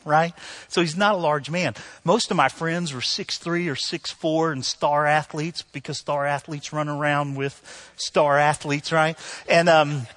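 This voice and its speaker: A middle-aged male pastor delivering a sermon in a husky, slightly high voice. He tells stories, swings from loud bursts to soft, earnest lines, and keeps checking in with the congregation. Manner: storytelling with sudden loud outbursts, then soft.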